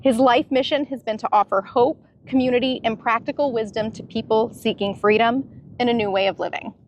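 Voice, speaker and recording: A woman with a fairly high voice reads an introduction and asks interview questions. She sounds earnest and admiring, with a faint hiss behind her. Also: steady tone, brisk. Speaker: interviewer and narrator.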